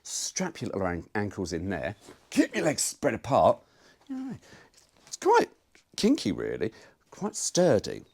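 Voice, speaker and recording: A man's voice: fairly low pitch, huge pitch swings, a little slow, creaky, pauses often, a little mellow, breathy edge. A man talking casually to camera about working on his car, rambling and jokey with the odd swear word. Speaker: car vlogger. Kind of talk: casual workshop chat to camera.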